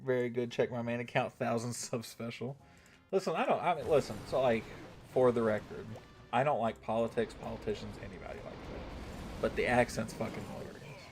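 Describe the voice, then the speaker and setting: A man's voice: medium pitch, a little fast, soft background music. Casual, rambling gaming streamer man. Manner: loose, rambling, swears freely and keeps asking "right?". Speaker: gaming livestream host. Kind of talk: casual chat with a live audience.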